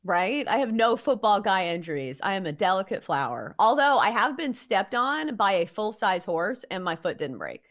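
Chatty woman podcast host, lively voice. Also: medium pitch, moderate pace, few pauses. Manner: chatty, playful, says "like" often. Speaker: sports betting podcast host. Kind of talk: casual chat.

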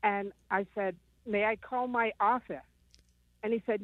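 A woman in her fifties is the caller here, speaking in a steady, medium-pitched voice a little slowly, and the recording is dry. The tinny phone line carries her rambling retelling, which is packed with ums.

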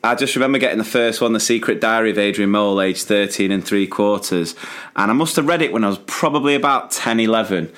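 A man's voice: fairly low pitch, fast, a bit bright. A man co-hosting a podcast, talking casually in a rambling, easygoing way. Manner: rambling, with fillers and restarts. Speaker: podcast co-host. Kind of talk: casual chat.

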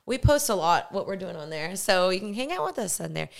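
A woman's voice: mid-range voice, big pitch swings, fairly quick, vocal fry. A young woman hosting a casual podcast chat, playful and teasing, tired and run down. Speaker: podcast host.

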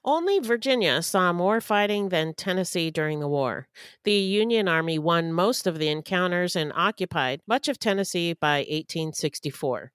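Smooth, low-voiced woman podcast co-host. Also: normal speed, dry recording, clean studio sound. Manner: steady reading, agreeable, laughs often. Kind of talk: reading history notes in podcast chat.

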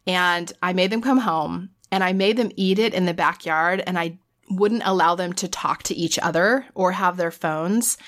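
A woman's voice: on the low side, normal speed, fairly bright tone. A woman who is a parent of teenagers, chatting candidly and exasperated, laughing at herself now and then. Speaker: parent of teens. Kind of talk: casual chat.

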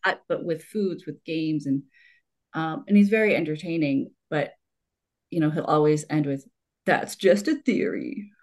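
A woman's voice: sits low, fairly even intonation, normal speed, a little mellow. A woman in her forties in casual conversation, talking in long rambling stretches with restarts and laughter. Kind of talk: conversational podcast talk.

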